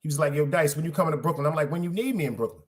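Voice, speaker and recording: Speaking rapid-fire in a slightly high voice, a middle-aged man hosts a podcast as a relaxed solo livestream. He keeps it loose and streetwise, driving points home by repeating phrases.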